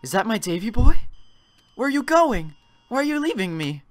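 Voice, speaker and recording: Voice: sing-song, normal speed, dry recording, close to an everyday voice. A game player voicing an elderly, confused mother who shrieks in fright and clings to her son. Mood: pleading. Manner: shrill, shrieking when scared, pleading. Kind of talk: voiced game dialogue.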